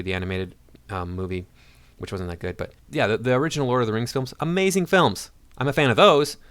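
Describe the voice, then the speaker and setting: Man, reaction commentator, sarcastic, indignant, rapid-fire, dry. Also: on the low side, a bit bright, clean tone, dry recording. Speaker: YouTube commentator.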